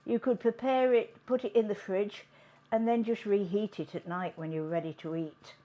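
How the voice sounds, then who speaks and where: A woman hosting a home cooking demonstration, chatting in an unhurried way as she works in her kitchen. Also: mid-range voice, fairly even intonation, muffled recording. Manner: chatty, unhurried, talks while working. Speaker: cooking show host.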